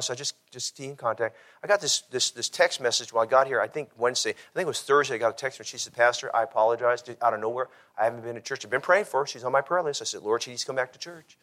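A man's voice: mid-range voice, quick pace, sharp tone. A middle-aged man preaching as pastor, telling a testimony with repeated phrases and ending in an earnest altar call. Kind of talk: sermon with personal testimony.

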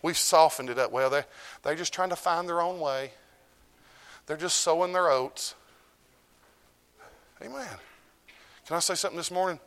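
A middle-aged man, preaching a sermon as pastor. He swings from loud declarations to low, hushed lines. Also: moderate pace, pauses often.

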